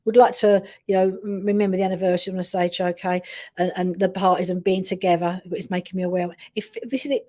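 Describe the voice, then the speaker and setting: A woman doing a medium reading on a live stream talks quickly, her words tumbling out with many restarts. Her voice is mellow and soft-edged. She keeps checking in with the listener as she goes. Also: mid-range voice. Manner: rambling, full of restarts and repeated check-ins.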